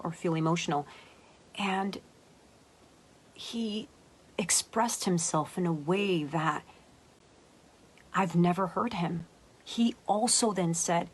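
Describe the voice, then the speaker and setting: A young adult woman with a low voice tells a story from her own life, like an emotional coach speaking to camera. She confides in an emotional way and often sinks to a hushed whisper. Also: takes it slowly, long pauses, slightly rough.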